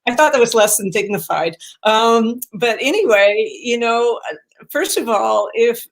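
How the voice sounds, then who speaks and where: A woman's voice: fairly high pitch, expressive, unhurried, creaky. Chatty woman dog trainer, full of fillers. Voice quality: chatty, many fillers, acts out dog voices. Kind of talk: casual chat.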